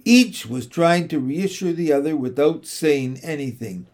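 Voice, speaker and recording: A man narrating a children's classic as an audiobook, measured and expressive. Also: a little high.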